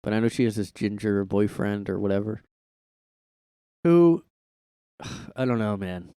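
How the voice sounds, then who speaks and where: A podcast host speaks animatedly at a measured pace, his fairly low, dark and smooth voice caught on a close mic with no room sound. Alone in his room, he rambles, swears and packs his speech with "like."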